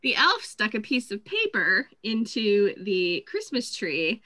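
A woman, chatting as co-host and telling animated stories about her family. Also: mid-range voice, slow, no room sound, rough recording. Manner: chatty storyteller, quotes her kids in lively voices. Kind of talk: casual chat.

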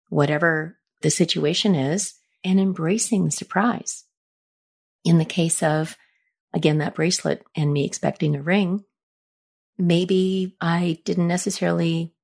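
A middle-aged woman's lowish, darkish voice, marked by vocal fry, carries her podcast. As host she tells personal stories casually, chatty and reflective, and acts out quoted lines by raising her voice.

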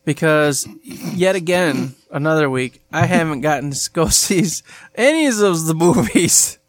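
A man co-hosting a casual podcast, upbeat and excitable, laughing often. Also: a little high, normal speed, dry recording. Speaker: podcast co-host. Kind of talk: casual chat.

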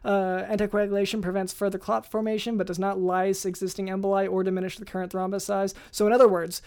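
A co-host rapidly reading a medical lesson on a podcast, with frequent fillers. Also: medium pitch, level tone, darkish tone, smooth.

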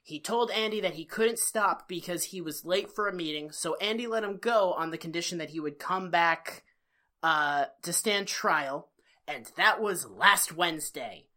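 A woman co-hosting a podcast, casually recapping an episode with profane jokes and quick put-on voices. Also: on the low side. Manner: profane, joking, animated retelling. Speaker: podcast co-host.

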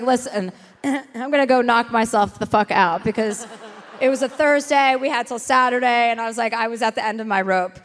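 A woman telling a comic anecdote as an interview guest, animated and profane, laughing through the story. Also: on the high side, a little hiss or hum.

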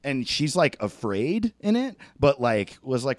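A young man on a podcast, swearing freely and animated as he tells a story. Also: medium pitch, measured pace, dry recording. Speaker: podcast co-host. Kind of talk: casual chat.

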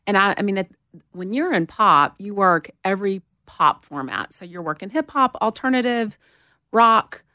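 A woman in her forties with a Southern US accent, telling lively stories as an interview guest. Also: normal speed, dry recording, clean studio sound. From Montgomery, Alabama. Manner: animated storyteller, acts out quotes in a higher voice. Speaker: guest, music promotion veteran. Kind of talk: casual storytelling interview.

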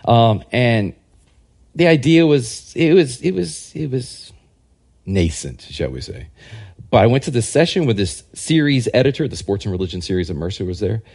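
A man, a historian and scholar, giving a casual podcast interview and telling rambling, animated anecdotes. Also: mid-range voice, normal speed, creaky. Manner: rambling, animated anecdotes that act out quoted people. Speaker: guest historian and religious scholar.

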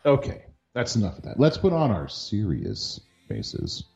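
Wry, lively-voiced male podcast host. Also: lowish voice, unhurried, vocal fry, highs cut off. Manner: dry, joking. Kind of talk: casual comedic chat.

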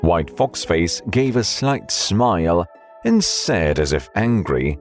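A man narrating an audiobook with measured storytelling and faint music behind. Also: deep voice, big pitch swings.

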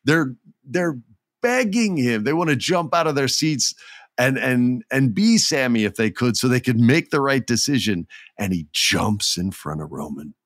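A man casually and excitedly retelling a wrestling match, acting out scenes as he goes. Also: medium pitch, moderate pace, no echo, clean studio sound. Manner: excitable, acts out scenes, many restarts. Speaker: wrestling recap commentator. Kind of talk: casual storytelling recap.

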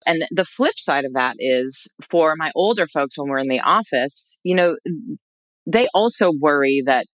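Expert interview guest, measured and reassuring, mid pitch, dry sound. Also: animated, a bit bright, no echo, low-quality recording. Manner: measured, reassuring, advice-giving. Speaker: expert guest, clinician for older adults. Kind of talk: explanatory interview answers.

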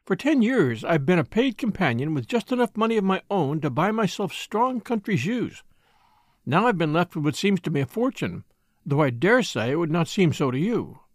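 A man reading aloud, voicing a calm, sensible country woman who works as a paid companion and speaks in a polite, measured way. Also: high-pitched, no room sound, studio quality. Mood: friendly.

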